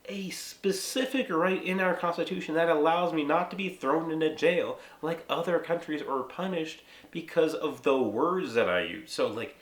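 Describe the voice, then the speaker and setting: A young man from the United States explaining a topic in a casual, lively monologue, swearing freely and leaning on "like" and "right?". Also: on the high side, moderate pace, hardly any pauses. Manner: lively, profane, frequent "like" and "right?". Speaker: vlogger. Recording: echoey room.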